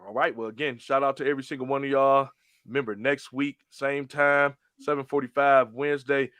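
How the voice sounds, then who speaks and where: A man hosting a casual talk show, telling stories in an animated way and acting out phone menus. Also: medium pitch, brisk, clear, resonant tone, no room sound. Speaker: show host. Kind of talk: casual podcast chat.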